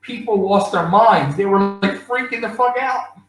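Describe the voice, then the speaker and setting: A man's voice: high-pitched, moderate pace, a bit bright, roomy sound, faint music behind. A man from Philadelphia hosting a casual video-call interview, teasing and laughing as he talks. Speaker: radio host.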